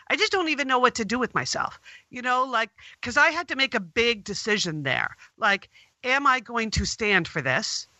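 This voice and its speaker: A middle-aged woman telling a long story as a guest on an interview podcast, recounting events in an animated way. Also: medium pitch, no room sound.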